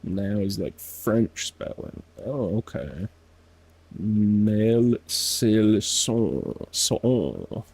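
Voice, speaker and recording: Man streaming gameplay, husky voice, lively up-and-down pitch, mutters and laughs to himself. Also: very slow. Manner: sounding out foreign words. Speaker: game streamer. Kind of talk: casual gameplay commentary.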